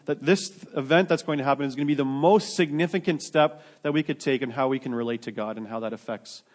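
A man's voice: fairly high pitch, a little mellow. Man preaching a casual sermon. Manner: conversational, many restarts, self-deprecating asides. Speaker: pastor.

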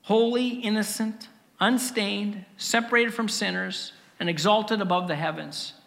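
A male pastor delivers an earnest sermon at an unhurried pace, his voice carrying a gravelly rasp. He lingers on questions and lets his pauses land. The sound rings out with the long reverb of a large hall. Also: high-pitched, steady tone, fairly bright tone. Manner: earnest preaching with rhetorical questions and dramatic pauses.

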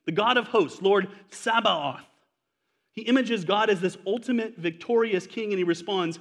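A man's voice: sits high, brisk, fairly bright tone. A man in his forties preaching a sermon as a pastor, talking to the congregation with rhetorical questions and casual asides. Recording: hall reverb.

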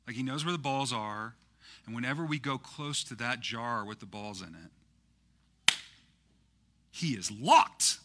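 A male pastor preaching a sermon in a casual, conversational way, full of fillers, that swells into loud, impassioned peaks. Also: mid-range voice, unhurried, long pauses, a little hiss or hum.

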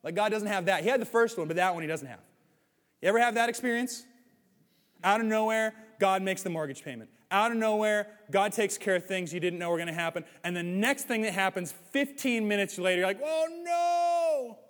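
High-voiced preacher with hall echo. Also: male voice, brisk. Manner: animated, swings from loud to hushed, acts out quotes. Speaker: pastor. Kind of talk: sermon. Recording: hall reverb.

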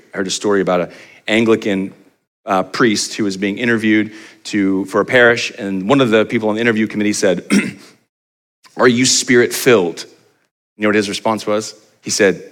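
A man in his forties, a pastor delivering a sermon, animated and often putting rhetorical questions to the congregation. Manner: animated, pitch rising for emphasis, asks the crowd rhetorical questions.

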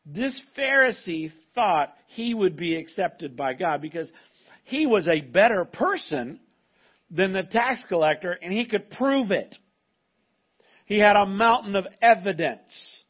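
A man's voice: sits high, lively intonation, unhurried, slightly rough. A male pastor giving a sermon to a live congregation, talking in an emphatic, conversational way with frequent restarts, in a dull, muffled recording. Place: church service with a live congregation.

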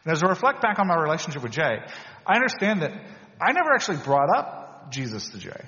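A man's voice: a little high, very animated, fast, pushed and bright. A man giving a sermon as a pastor, telling personal stories in a conversational, self-deprecating way and acting out the dialogue. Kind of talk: sermon storytelling. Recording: dull lo-fi audio with long hall reverb.

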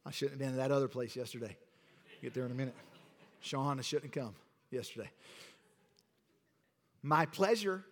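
A man's voice: mid-range voice, steady tone, fast, pauses often, darkish tone, big-room sound. A man preaching a sermon as pastor, building fervor and throwing in casual asides. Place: church sanctuary.

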